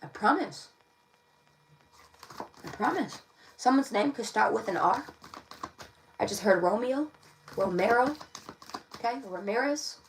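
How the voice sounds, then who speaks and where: A woman's voice: on the high side, animated, a little slow, long pauses, a little hiss or hum. Chatty woman reading tarot, distant mic. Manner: chatty, repeats phrases, laughs often. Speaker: tarot reader. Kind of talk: casual livestream tarot reading.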